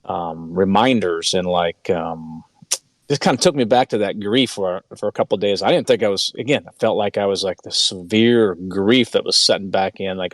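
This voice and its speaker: A man with a fairly low voice speaks as an interview guest, earnest and conversational. He often restarts and repeats words as he tells his stories. The recording is dry, with almost no room sound. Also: moderate pace, no echo. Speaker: author and guest.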